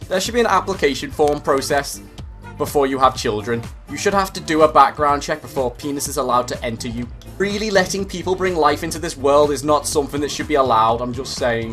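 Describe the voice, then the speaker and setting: A young British man spins a casual, foul-mouthed story for his viewers. His delivery is full of comic exaggeration. His voice sits a touch high, with faint music underneath. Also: fairly quick. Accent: British English. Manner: profane, animated, comedic exaggeration. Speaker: YouTuber.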